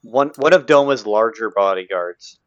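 A man's voice: on the low side, lively intonation, moderate pace, muffled recording. Dry-spoken man running a tabletop game. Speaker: game master.

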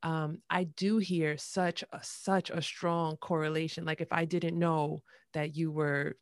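A woman's voice: sits low, level tone, a little slow, dry recording, clean studio sound. A woman hosting a podcast interview, chatting casually with many fillers and restarts. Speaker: podcast host.

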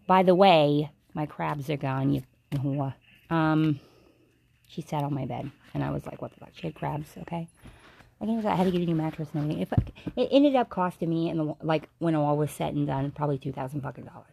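A tipsy woman hosting a comedic tarot reading stream, rambling and swearing in a jokey deadpan way. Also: deep voice, a little fast, gravelly, slight background noise. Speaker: host.

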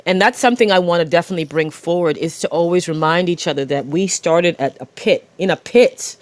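A woman's voice: lowish voice, fairly quick, hardly any pauses, no echo. A woman hosting a podcast in casual chat, candid and reflective, laughing easily and often restarting her sentences. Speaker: podcast host.

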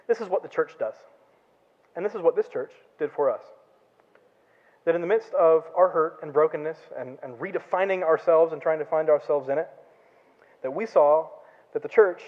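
A man giving an earnest sermon testimony in church, telling a parable with quoted voices. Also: on the high side. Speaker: guest speaker. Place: church sanctuary. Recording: lo-fi, phone-like sound in a reverberant church hall.

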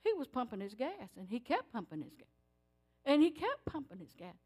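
An older woman giving a sermon in church, telling stories in an animated, emphatic way. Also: high voice, fairly quick, slightly rough. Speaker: church speaker. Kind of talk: sermon testimony.

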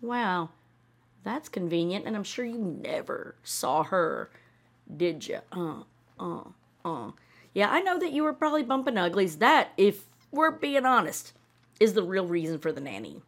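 A woman's voice: medium pitch, measured pace. A woman hosting a podcast, ranting in casual reaction commentary, sarcastic and opinionated, swearing freely and mimicking people in mocking voices. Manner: animated, often acts out mocking voices. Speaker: podcast host reacting to a TV show.

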